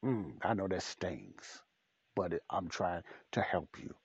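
A man's voice: low-pitched, expressive, takes it slowly, slightly rough, no echo, muffled recording. A man preaching a podcast sermon in a blunt, repetitive, emphatic way.

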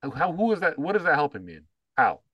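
A man's voice: on the high side, sing-song, fast talker, a bit bright, dry recording, muffled recording. A man co-hosting a podcast in casual chat, blunt and profane, rambling with many fillers. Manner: mocking voices when quoting others. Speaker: podcast co-host.

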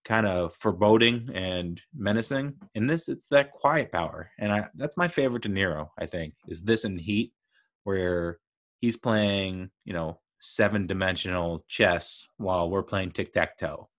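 A man's voice: low voice, normal speed. A man giving a casual, rambling movie review, chatty with frequent laughs and fillers. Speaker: film reviewer.

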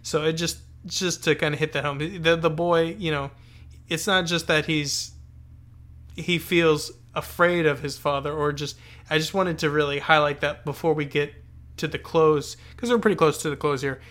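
A man's voice: a little high, steady tone, moderate pace, fairly bright tone. A man co-hosting a podcast, talking through a novel in a casual, thoughtful way that rambles and restarts often. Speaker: podcast co-host. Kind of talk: casual book discussion.

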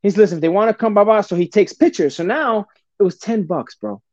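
A man guesting on a talk show, telling stories in an animated, casual way, full of slang and swearing. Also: high-pitched, a little fast, no echo. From New Jersey. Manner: animated, swearing, street slang, says bro a lot. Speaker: podcast guest. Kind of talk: casual storytelling. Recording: dull lo-fi dry sound.

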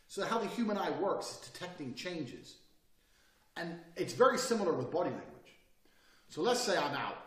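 A brash man lectures on body language, cursing freely. His pitch runs higher than most men's and moves constantly, and he swings between near-shouts and low murmurs. The sound is roomy and echoey, with the mic set back from him. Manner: profane, brash, swings between loud and quiet. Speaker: self-improvement speaker. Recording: echoey room, distant mic.

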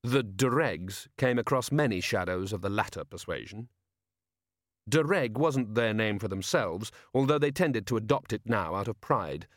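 A man narrating an audiobook in an even, measured reading. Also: fairly low pitch, no room sound, studio quality. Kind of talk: scripted narration.

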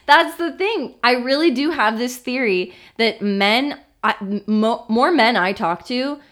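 A woman's voice: fairly high pitch, expressive, a little slow, fairly bright tone. A woman from Florida co-hosting a podcast, chatting casually and rambling playfully through her stories. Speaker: podcast co-host. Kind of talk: casual banter. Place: in New York.

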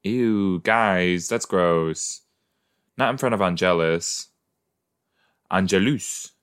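A man's voice: low voice, slow, fairly bright tone, smooth. A man hosting a podcast, chatting casually as he reacts to an episode he is watching, with frequent exclamations and groans of disgust. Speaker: podcast host.

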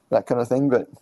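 Mellow-voiced man telling stories. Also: medium pitch, no room sound, rough recording. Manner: rambling, swears casually, many fillers and restarts. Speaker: podcast guest. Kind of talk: casual storytelling chat.

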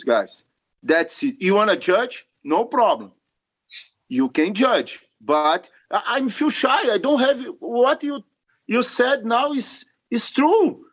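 Male guest, high voice, emphatic and earnest. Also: a bit bright. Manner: earnest, broken non-native English, emphatic. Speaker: podcast guest, jiu-jitsu referee. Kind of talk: casual interview talk.

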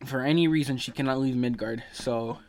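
A man's voice: mid-range voice, a little fast, darkish tone. A sleepy, yawning man hosting his podcast, casually recapping a video game's story in a rambling way, full of fillers and swearing. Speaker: podcast host.

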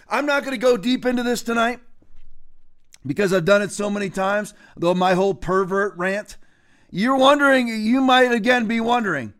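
A man hosting a political commentary show, ranting in a combative, mocking way with many restarts and sudden bursts of loudness. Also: high-pitched.

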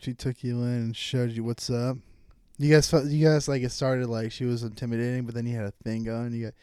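A man's voice: medium pitch, little pitch movement, brisk, a little mellow, clear, resonant tone, dry recording, studio quality. A young man co-hosting a podcast, joking crudely and teasing, laughing often. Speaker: podcast co-host. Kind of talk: casual banter.

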